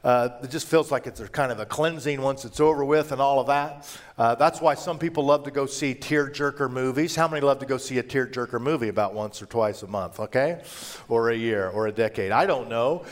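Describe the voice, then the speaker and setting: A middle-aged man preaching a conversational sermon as a pastor, telling personal stories and moving between hushed and raised delivery. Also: mid-range voice, fairly quick.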